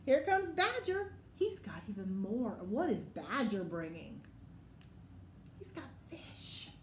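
A young woman librarian reading a picture book to children, animated and coaxing them to join in. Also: mid-range voice, slow, slight background noise. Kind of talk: children's story time reading. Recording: echoey room.

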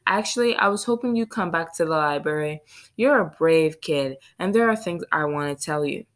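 A woman reading the part of a nervous male librarian who talks in an anxious, hushed whisper. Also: low voice, animated, normal speed. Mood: eager.

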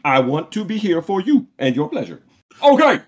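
A man's voice: sits high, very animated, moderate pace. A man hosting a quiz game on a comedy podcast, crude, giggly and self-mocking. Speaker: host running a quiz game. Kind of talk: loose comedic podcast banter.

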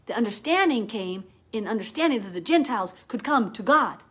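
Woman, live-stream Bible teacher, fervent and argumentative, slightly high voice. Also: animated, a little fast, husky. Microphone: phone or webcam, live stream.

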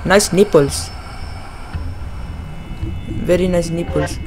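A young man giving excitable let's play commentary on a horror game, yelping and shouting when startled. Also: sits high, measured pace, pauses often, faint music behind. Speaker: gaming YouTuber.

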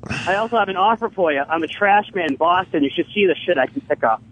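Male caller, high voice, eager rambling, faint noise behind him. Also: animated, quick pace, a bit bright, low-quality recording. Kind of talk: casual call-in chat.

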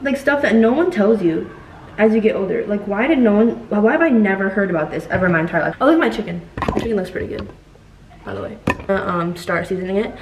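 Young woman, chatty storyteller, slightly high voice, roomy echo, a bit off-mic, faint room noise. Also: far from the mic. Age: young adult. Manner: chatty, dramatic storytelling with filler words. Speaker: vlogger. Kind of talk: casual storytime chat. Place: home kitchen, cooking.

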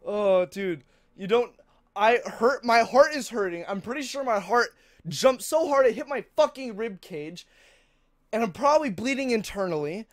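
A woman's voice: on the high side, animated, moderate pace, no echo. A young woman streaming a horror game, shrieking in fright, swearing heavily and laughing nervously.

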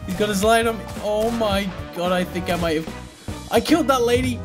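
A gameplay host giving casual commentary, excitable, laughing often, swearing and yelping when startled. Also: medium pitch, fairly quick. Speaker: gaming video host. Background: background music.

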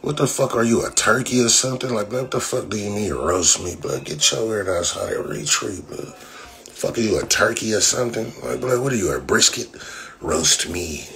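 Brash and profane, this man rants on a livestream, hurling mocking trash talk. His voice is lowish, gravelly and a bit bright, with lively intonation and a brisk pace, picked up through noisy phone livestream audio.

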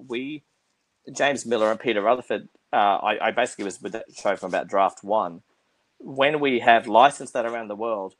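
A middle-aged Australian theatre producer talking quickly over a video call, full of restarts and repeated words. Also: male voice, on the low side, a bit bright, dry recording. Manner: fast-talking with frequent restarts. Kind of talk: conversational interview.

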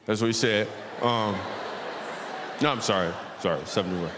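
His voice lowish and his pace moderate, a man in his thirties tells a story and acts out voices during a stand-up set in a church. The recording is very noisy, made in a reverberant large auditorium with faint ambience.

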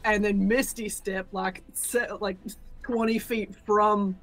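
Slow, deliberate woman player. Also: medium pitch, fairly even intonation, soft background music, rough recording. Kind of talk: tabletop role-play banter.

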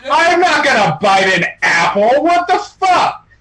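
A man's voice: very high-pitched, very animated, a little slow, pushed and bright, low-quality recording. A man co-hosting a podcast, ranting animatedly and swearing a lot in crude comedic banter. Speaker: podcast co-host.

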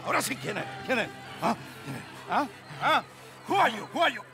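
An actor playing a menacing male bandit interrogator in a video game, who shouts and repeats his demands. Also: very high-pitched, sing-song, fast, creaky, exaggerated voice. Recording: game audio over loud music.

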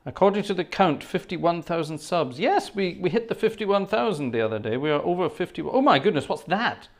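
This livestream host and organist, a middle-aged man with a posh Scottish accent, speaks in a high, animated voice. Reading through the chat in a casual, chatty way, he showers viewers with thanks, tossing out "gosh" and "splendid."

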